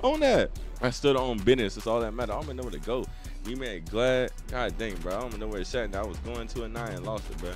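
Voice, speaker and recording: A young man giving loose, slangy commentary while playing a game online, muttering to himself one moment and shouting at other players the next. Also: on the low side, fast, music in the background. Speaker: gaming YouTuber. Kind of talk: live gameplay commentary.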